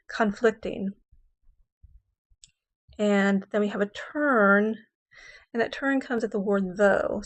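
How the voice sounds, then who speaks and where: A woman English professor giving a classroom lecture on a sonnet, reading lines of verse slowly with heavy stress and then explaining them in plain words with the odd "um" and "okay". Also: medium pitch.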